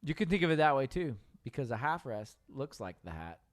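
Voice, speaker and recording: A man's voice: mid-range voice, sing-song, a little fast. A man teaching a piano class, joking with his students while he draws notes with a mouse.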